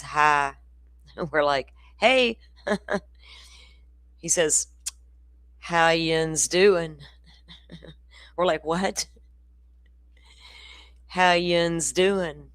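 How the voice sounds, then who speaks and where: A woman from Florida with a Southern accent, talking low and loose as she hosts a true crime stream. She chats with viewers, wanders into side stories and laughs easily. Her voice sits close and dry, with little room sound. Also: no room sound. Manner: chatty, laughing, storytelling asides. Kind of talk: casual livestream chat.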